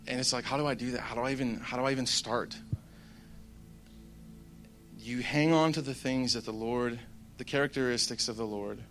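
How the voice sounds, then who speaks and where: A man's voice: mid-range voice, fairly even intonation, normal speed, long pauses, a bit bright, faint music behind. A young man giving a casual devotional talk, rambling and conversational with plenty of fillers. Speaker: Christian speaker.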